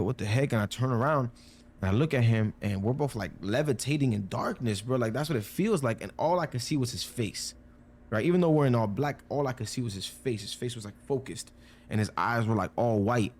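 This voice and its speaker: A man's voice: mid-range voice, brisk, darkish tone. A young man telling a personal story casually, rambling with many fillers and acting out the quoted lines. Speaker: storyteller guest.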